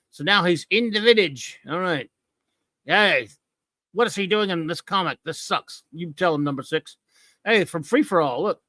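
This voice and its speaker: Scorn and mockery fill the repetitive rants of a middle-aged American comics talk show host as he tears into a comic. He has a bright, forceful voice on the high side, captured in clean studio sound with no room reverb.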